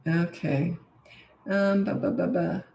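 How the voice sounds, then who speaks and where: A woman's voice: on the low side, fairly even intonation, slow pace, creaky, mellow, far from the mic. A middle-aged woman, a parenting coach, answering viewer questions in a live Q&A. She talks bluntly and frankly, chatty, with frequent restarts. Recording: echoey room, voice off-mic.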